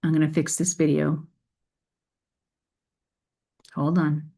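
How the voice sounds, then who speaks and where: A faith video creator with a deep, mellow voice reads a passage of scripture, then reflects on it earnestly. She speaks slowly and conversationally, with little pitch movement and a gravelly thread of vocal fry throughout.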